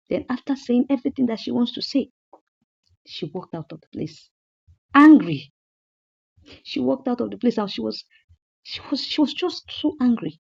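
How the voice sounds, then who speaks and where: A woman's voice: a little high, creaky, slightly rough, muffled recording. A woman, casually recapping a movie episode in a chatty way, repeating points and asking rhetorical questions.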